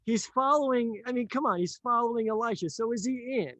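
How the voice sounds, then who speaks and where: A man telling a story in a casual conversation, animated, acting out the lines of the people in it and laughing often. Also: very high voice, brisk, dry recording. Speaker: author and teacher.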